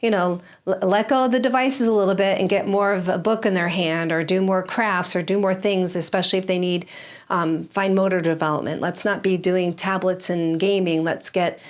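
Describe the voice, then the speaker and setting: Calm, low-voiced woman teacher in her fifties. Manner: calm, measured advice with frequent "um". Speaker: kindergarten teacher, guest. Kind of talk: interview answers.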